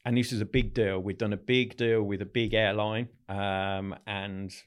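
A man telling anecdotes in a casual interview, acting out what others said in quick bits of dialogue. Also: on the low side, little pitch movement, clear, resonant tone. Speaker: podcast guest.

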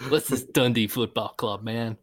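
A man doing a brash, mocking impression of a puzzled American man, laughing as he goes. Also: mid-range voice. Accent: put-on American.

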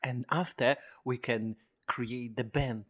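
A man's voice: mid-range voice, steady tone, takes it slowly, a bit bright. Man, cheerful chat. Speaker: co-host. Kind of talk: casual banter.

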